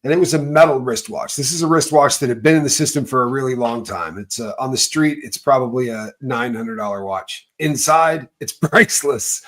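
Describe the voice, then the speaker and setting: A man, host of an online call, telling a story in rambling casual chat that swings between loud bursts and low mutters. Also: brisk, few pauses. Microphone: video call.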